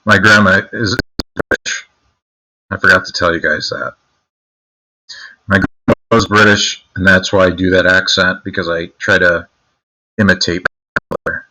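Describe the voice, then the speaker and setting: A man's voice: low-pitched, steady tone, normal speed, long pauses, sharp tone, rough recording. A man streaming live, chatting casually with his viewers in a crude, joking, mocking way.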